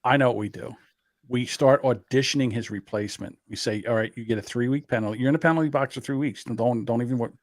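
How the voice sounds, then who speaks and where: A podcast host with a mid-range voice chats casually and jokes at a quick pace, restarting his sentences loosely. The sound is clean studio audio with no room sound.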